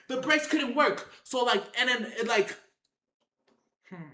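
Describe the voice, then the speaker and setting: At a moderate pace and in a high register, a lively narrator acts out a wild story to camera using casual slang. Sound effects, repeated phrases, and shouted lines fill the telling, and the sound is reverberant.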